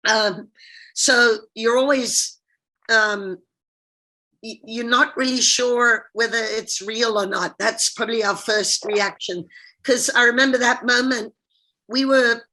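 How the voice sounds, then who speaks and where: A woman from Zimbabwe, a diving coach, answering interview questions on a video call in a reflective, halting way. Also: a little high, pushed and bright, poor audio. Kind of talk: casual interview.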